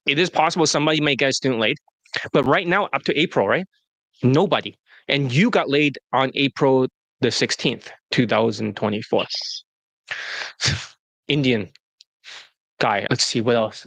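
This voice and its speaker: A man with a voice on the high side and a bit bright, recorded with no echo, hosts a casual interview as a dating coach. He's blunt, profane and mocking, swearing a lot.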